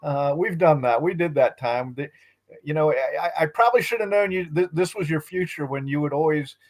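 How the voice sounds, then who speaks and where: Halting middle-aged columnist, fairly high voice. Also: male voice. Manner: halting, repeats words when starting. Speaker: sports columnist guest. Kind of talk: casual interview chat.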